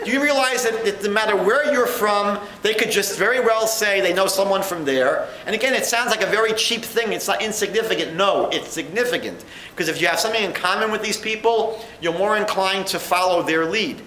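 Guy giving a lecture, bright high voice, lively, acts out the quotes, echoey room. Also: a little fast, a little hiss or hum. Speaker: rabbi and educator giving a lecture.

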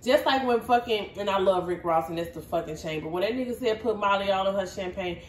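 A woman's voice: mid-range voice, fast, reverberant, a little hiss or hum, rough recording. A woman co-hosting a casual podcast, blunt, profane and mocking, a little tipsy. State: tipsy, hiccuping. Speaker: podcast co-host. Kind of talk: casual chat.

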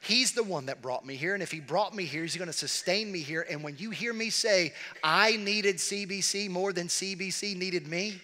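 Bright-voiced pastor preaching in a big hall. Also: male voice, high voice, normal speed, few pauses. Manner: animated, repeats phrases, talks to the congregation. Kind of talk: sermon. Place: large church sanctuary. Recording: long reverb of a large hall.

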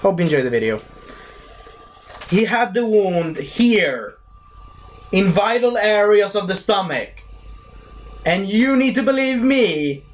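A young man giving a casual, animated movie review rant who keeps slipping into silly high voices for the characters. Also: slow pace, pauses often.

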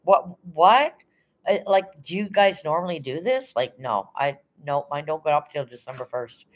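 A woman's voice: sits low, lively intonation, normal speed. A middle-aged woman from Canada hosting a casual live stream, chatting and greeting viewers by name in a rambling, friendly way. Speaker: livestream host.

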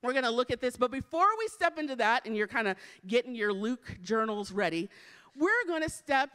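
A woman pastor preaching a sermon, lively and engaging, often checking in with the congregation with questions. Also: on the high side, a little fast, clear, resonant tone.

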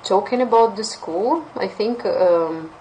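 A woman with a Russian accent teaches English in a webinar. Her voice sits at a middle pitch and she brightens when she acts out sample phrases. A faint noise floor runs under the recording. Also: slow, rough recording. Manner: lively, with playful acted examples. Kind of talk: webinar lesson.

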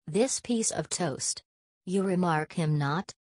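A woman's voice: fairly low pitch, takes it slowly, darkish tone, no room sound. A woman reading the part of a fussy, vain older male detective, sprinkling in French phrases in a theatrical manner. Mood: indignant. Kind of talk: audiobook character reading.

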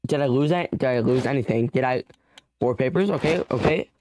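A young gamer gives let's-play commentary on his own survival game, rushing frantically and pleading as he bargains with whatever is chasing him. His voice is middle-pitched, fairly quick, and a little mellow, with slight background noise.

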